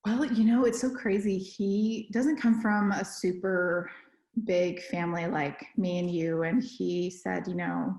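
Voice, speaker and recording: A young woman chats on a home podcast, rambling and correcting herself as she goes. Her voice sits on the low side with a gravelly fry. The room adds a noticeable echo around her. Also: fairly even intonation, a little slow, a little mellow. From Texas. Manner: rambling, lots of fillers and self-corrections. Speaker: podcast co-host. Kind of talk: casual chat.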